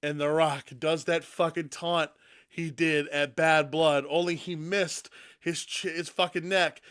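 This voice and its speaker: A man co-hosting a podcast in casual chat, excitable and profane, with sudden loud outbursts. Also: fairly high pitch, unhurried, smooth. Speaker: podcast co-host.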